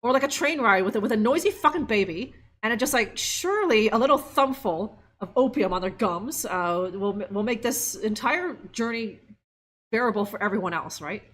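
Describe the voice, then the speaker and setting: A woman's voice: fairly high pitch, lively intonation, normal speed, fairly bright tone. A woman streamer chatting casually and laughing as she plays a game live and talks to her viewers. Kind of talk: live gameplay commentary.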